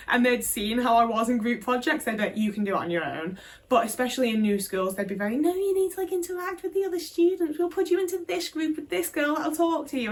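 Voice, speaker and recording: A woman's voice: fairly high pitch, fairly bright tone, a little hiss or hum. A young woman speaking frankly to camera, swearing often and restarting her sentences in a casual vlog. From Britain. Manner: frank, frequent swearing, emphatic; many fillers and restarts. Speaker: vlogger.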